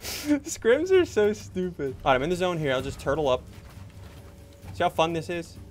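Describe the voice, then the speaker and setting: A young man giving jokey, excitable commentary while playing a video game. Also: on the high side, normal speed, a little hiss or hum. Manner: excitable, jokey, yelps and laughs mid-play. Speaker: gaming channel host. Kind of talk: live gameplay commentary.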